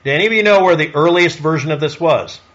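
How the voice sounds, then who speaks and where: A man's voice: fairly high pitch, quick pace, a bit bright, muffled recording. A man delivering a solo commentary monologue in a snarky, sarcastic way, firing off rhetorical questions. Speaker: online commentator.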